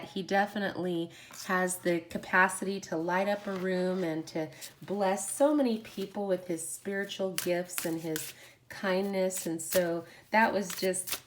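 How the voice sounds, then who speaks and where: A woman hosting a live oracle card reading. She is effusive, exclaims and giggles often, and slows down to read the card affirmations aloud. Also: lowish voice, a little hiss or hum.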